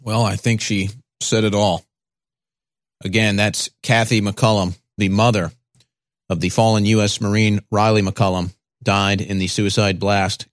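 Middle-aged male radio host, low and dry, earnest commentary. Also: little pitch movement, a little slow, dry recording.

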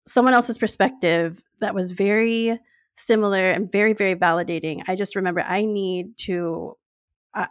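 A woman speaks as a podcast guest, earnest and heartfelt. She talks casually at a medium pitch over a video call. The sound is dry. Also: a bit bright, no room sound. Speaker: podcast guest, former teacher.

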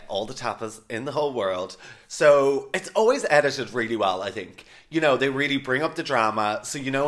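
A man's voice: medium pitch, a bit bright. Man, podcast host, casual chat, loose and chatty, cusses, lots of "like". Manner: chatty, swears freely, many "like" fillers.

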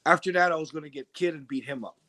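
A middle-aged man spins a story in a relaxed interview, slipping into other people's voices as he goes. His voice sits a little high. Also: quick pace. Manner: animated storyteller, acts out quoted voices. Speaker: interview guest.

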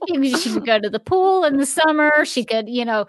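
A woman's voice: high voice, animated, normal speed, no room sound. A woman co-hosting a podcast in casual chat, chatty and giggly with lots of fillers. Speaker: podcast co-host.

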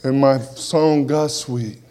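A man giving a church testimony, telling his story in an animated way and punctuating it with "amen" as he speaks. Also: medium pitch, slow pace.

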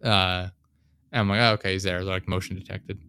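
A man's voice: sits low, flat delivery, brisk, pushed and bright, a little hiss or hum. A man in casual chat, telling stories in a profane, ranting way.

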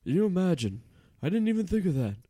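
A man's voice: sits high, very animated, quick pace, warm tone, no echo. A man playing Harold, an awkward dad who stammers and fumbles to please, in an improvised comedy scene. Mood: flustered. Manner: flustered, stammering. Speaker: comedy podcast host.

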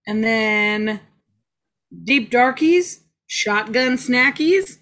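A woman's voice: a little high, slow, fairly bright tone. A woman in casual movie-review chat, sarcastic and swearing, acting out scenes. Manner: sarcastic, swears, acts out quotes.

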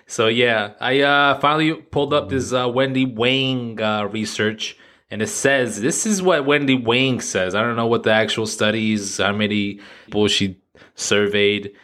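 A man's voice: mid-range voice, a bit bright. A man hosting a solo comedy podcast, talking crudely with lots of swearing and laughing at his own jokes. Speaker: podcast host. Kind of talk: casual comedic monologue.

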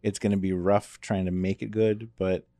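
A man co-hosting a casual movie podcast, relaxed and joking. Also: deep voice, moderate pace, no echo, studio quality. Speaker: podcast co-host. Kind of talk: casual chat.

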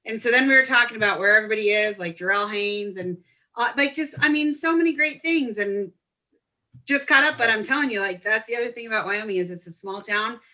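A woman in her forties from Colorado, a guest telling stories in a lively, chatty way. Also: fairly high pitch, brisk. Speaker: podcast guest. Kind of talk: casual storytelling chat.

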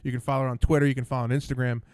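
A man hosting a podcast who tells a story in a combative, animated way. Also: medium pitch, rapid-fire, no echo. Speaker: podcast host. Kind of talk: storytelling monologue.

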